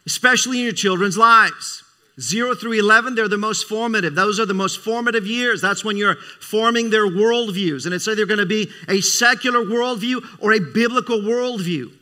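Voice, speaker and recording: A middle-aged male preacher with a high, very bright, cutting voice. He preaches emphatically, repeats his phrases for weight and keeps asking the congregation for an amen. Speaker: preacher, Christian school leader. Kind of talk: sermon.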